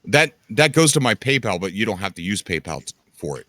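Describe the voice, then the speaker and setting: A man's voice: on the low side, sing-song, fairly quick, noisy background. A man hosting a gaming stream, chatting casually and easygoing with callers, often saying "dude" and "man". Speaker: stream host. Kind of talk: casual chat.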